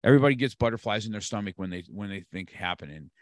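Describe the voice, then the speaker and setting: Low-voiced guy around 60, punchy motivational talk, dry sound. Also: expressive, rapid-fire, no room sound. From California. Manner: emphatic, repeats key phrases. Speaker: guest, martial arts instructor. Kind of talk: motivational conversation.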